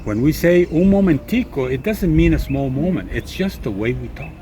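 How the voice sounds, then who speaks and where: A man's voice: a little high, animated, moderate pace, slight background noise. A man from Costa Rica with a Costa Rican accent and Spanish as his first language, a restaurant owner explaining local sayings to visitors in a playful, teasing, theatrical way. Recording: loud background music. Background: music.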